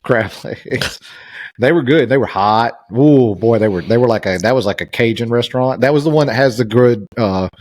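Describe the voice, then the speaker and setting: Chatty low-voiced male podcast co-host. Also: no echo, studio quality. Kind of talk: casual chat. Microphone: studio podcast mic.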